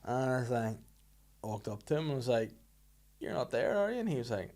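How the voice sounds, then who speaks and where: A young man co-hosting a podcast drifts through a long anecdote, casual and sweary. His voice sits at an ordinary middle pitch. He leans on filler words and stops to act out what people said. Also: big pitch swings, fairly quick, a little mellow. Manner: loose anecdotal storytelling with swearing. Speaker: podcast co-host.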